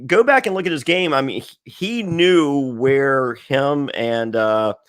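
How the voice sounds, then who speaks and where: A man as guest on a podcast, chatting casually in an animated way, swearing and often laughing. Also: mid-range voice, a little slow, clean tone, no echo.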